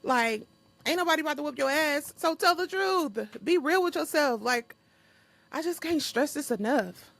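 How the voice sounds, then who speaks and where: A young woman with a fairly high, gravelly voice talks off the cuff into a close podcast mic. She speaks bluntly, swears freely and laughs often. The sound is dry, with no room behind her. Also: lively intonation, normal speed, a bit bright, no echo. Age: young adult. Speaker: podcast host. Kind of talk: unscripted solo podcast monologue.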